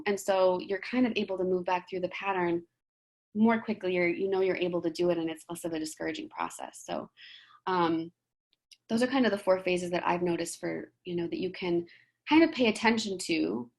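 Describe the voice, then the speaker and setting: A woman giving a motivational talk in a gentle, conversational way, often checking in with "right?". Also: on the low side. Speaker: presenter.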